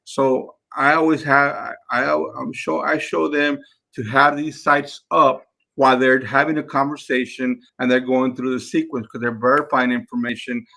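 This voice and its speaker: A man's voice: mid-range voice, steady tone, normal speed, creaky, bright, forceful tone. A man, a real estate investor, coaching his team in a live session, repeating points to drive them home. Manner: repeats words, drills points to his crew.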